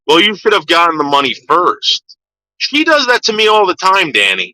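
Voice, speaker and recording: A man's voice: high-pitched, wildly swooping pitch, moderate pace, bright, forceful tone, dry recording, low-quality recording. A man ranting on a livestream, swearing heavily and repeating himself as he gets worked up. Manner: profane, agitated, repeats himself. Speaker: livestream host.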